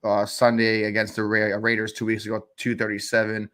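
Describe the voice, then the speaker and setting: Excitable ranting man on fantasy football. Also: brisk. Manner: excitable, ranting, big pitch jumps; exasperated, uses cooking metaphors. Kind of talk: animated sports chat.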